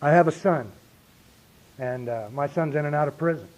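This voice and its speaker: A man's voice: on the high side, normal speed, darkish tone. A middle-aged man speaking earnestly at a recovery meeting, often saying "you see" and building to emphatic points. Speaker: speaker sharing his recovery story. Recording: lo-fi 1990s meeting tape.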